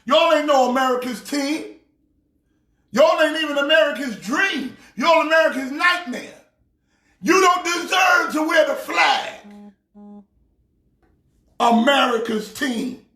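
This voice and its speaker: A pastor mocking a football team in a loud comedic rant, often shouting. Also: male voice, very high-pitched, measured pace. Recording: echoey room.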